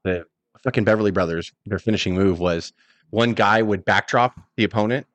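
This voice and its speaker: Southern male podcast co-host, profane and excitable, dry mic. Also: on the low side, a little fast, no echo. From American South. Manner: profane, excitable, acts out quotes. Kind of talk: casual chat.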